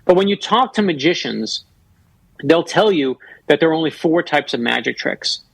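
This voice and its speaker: A man in his fifties, a guest author telling stories on a radio talk show with animated energy and quick restarts. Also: on the high side, vocal fry, husky, no echo, poor audio. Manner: animated, fast storytelling with restarts.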